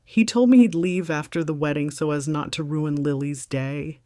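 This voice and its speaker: A woman voicing a young woman who has taken another's husband, in a breathy, lowered, hesitant voice that sounds apologetic. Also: normal speed, dark tone, no echo, clean studio sound, lightly acted.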